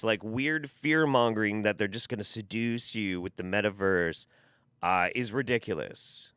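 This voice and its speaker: A man's voice: on the low side, fairly bright tone, smooth, dry recording, studio quality. A man giving reaction commentary, ranting in an exasperated, profane way. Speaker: commentary YouTuber.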